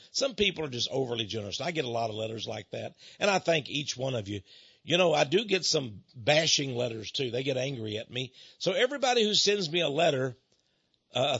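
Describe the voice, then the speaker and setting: A man's voice: a little high, gravelly, fairly bright tone, breathy edge, dry recording, muffled recording. A middle-aged man hosting a radio ministry show, ranting in an impassioned, preachy way and laughing often, recorded in a radio studio.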